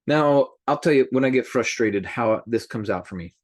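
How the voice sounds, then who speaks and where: Animated man leading a group call. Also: medium pitch, no echo, clean studio sound. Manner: animated, addresses listeners directly. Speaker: host. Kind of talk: motivational group call talk.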